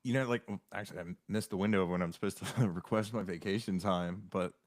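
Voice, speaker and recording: A man's voice: low voice, fast talker, no echo, clean studio sound. A man hosting a podcast in casual chat, chatty and full of fillers. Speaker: podcast host.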